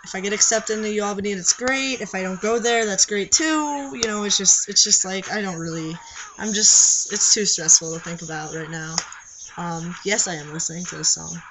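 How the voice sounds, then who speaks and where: A young man with a high-pitched voice talks at a normal speed against a noisy background. Chatting casually to camera for a confessional vlog, he rambles with lots of fillers and restarts.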